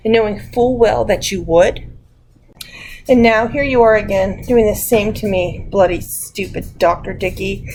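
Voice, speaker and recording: A woman's voice: mid-range voice, creaky, a little mellow, a little hiss or hum, natural voice, rough recording. A woman reading as a bitter, furious old doctor. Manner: bitter, accusing. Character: older male doctor, wounded and furious.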